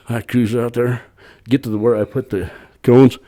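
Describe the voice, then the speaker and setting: A man's voice: medium pitch, normal speed, mellow. A man guest on a podcast telling a long, rambling workplace story in a plain-spoken, casual way. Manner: rambling, plain-spoken, acts out his own quotes. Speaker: cemetery worker.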